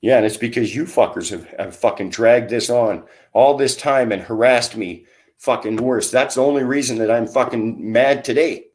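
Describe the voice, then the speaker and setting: A man's voice: medium pitch, moderate pace, a little mellow. A middle-aged man, ranting to camera in a rambling, heavily profane vlog full of insults. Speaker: vlogger. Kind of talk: angry profane rant to camera.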